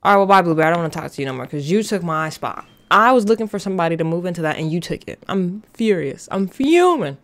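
A woman giving casual gameplay commentary as a vlogger, excitable, rushed and playfully dramatic. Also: fairly low pitch, a little hiss or hum. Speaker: gaming vlogger.

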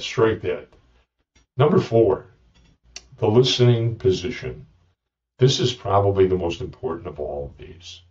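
A man's voice: low voice, darkish tone, recorded from a distance, dull audio. A man hosting a podcast, talking through listening tips in a rambling, joking monologue with many restarts. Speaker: podcast host. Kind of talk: casual monologue.

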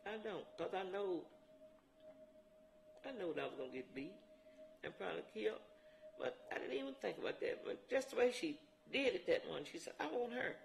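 Brief: older woman, rough gravelly tone, plain testimony in dialect. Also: lowish voice, lively intonation, normal speed, long pauses, a little hiss or hum. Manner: dialect speech with emphatic repetition. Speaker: interviewee. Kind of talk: personal testimony. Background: music.

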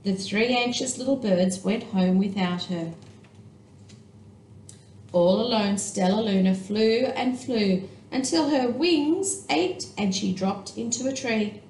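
Slow, expressive woman teacher reading aloud. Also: medium pitch, reverberant, a little hiss or hum, low-quality recording. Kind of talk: reading a picture book aloud.

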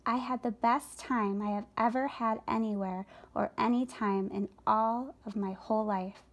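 A woman's voice: a little high, fairly even intonation, normal speed. A woman voicing an eager young farm girl. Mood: delighted.

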